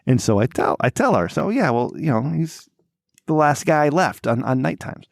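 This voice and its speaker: A man co-hosting a podcast, telling a long story in casual chat, swearing freely and jumping to a high, exasperated voice when he quotes himself. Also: moderate pace, gravelly, no room sound, clean studio sound. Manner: animated, profane, voice jumps high when exasperated. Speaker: podcast co-host.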